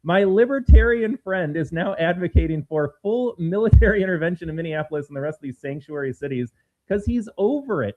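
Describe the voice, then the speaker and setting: A man co-hosts a political talk show, pushing his points with animated, sarcastic emphasis. His voice sits a little high. The sound is narrow and tinny, like a phone line. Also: fairly quick. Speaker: podcast co-host.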